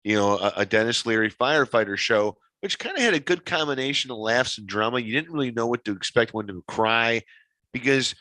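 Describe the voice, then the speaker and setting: A man co-hosting a podcast in casual chat, animated and swearing freely. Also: medium pitch, brisk, dry recording, poor audio. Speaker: podcast co-host.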